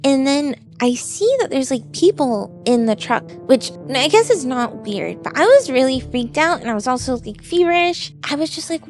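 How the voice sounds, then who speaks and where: A woman VTuber telling a true story in a casual, animated way, acting out what people said. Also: high-pitched, moderate pace, few pauses, soft background music. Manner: animated, expressive retelling with quoted dialogue.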